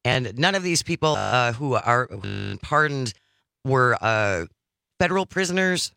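Bright-voiced male talk radio host. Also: mid-range voice, lively intonation, a little slow, clear, resonant tone, dry recording, clean studio sound. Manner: reads news items, then chats. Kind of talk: radio talk show discussion.

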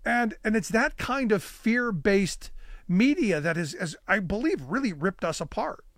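A man with a high, very lively voice talks politics as a co-host, sarcastic and quick to repeat himself when he gets going. The sound is dry and close, with no room around it. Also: dry recording. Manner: sarcastic, animated, repeats words when starting. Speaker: podcast co-host. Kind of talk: political talk chat.

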